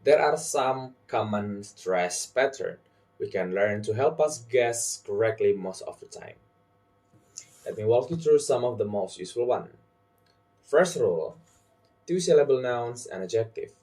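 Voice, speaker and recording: Slow, deliberate young male tutor. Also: lively intonation. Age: young adult. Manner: slow and deliberate, stresses example words loudly and high. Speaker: English pronunciation tutor. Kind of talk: scripted lesson.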